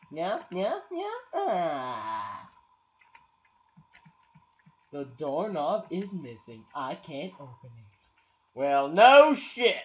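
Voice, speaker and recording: Man, gaming commentary, has a cold, exasperated, swearing, slow drawl, dull lo-fi mic. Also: a little high. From Canada. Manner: swearing, exasperated, talks to objects. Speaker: gameplay commentator. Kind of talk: let's play commentary.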